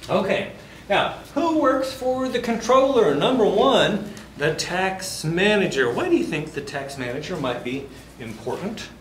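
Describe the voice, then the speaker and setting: A man's voice: sits high, sing-song, unhurried, slight background noise. A male university instructor giving a classroom lecture. He asks the class questions and jokes between points. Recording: echoey classroom.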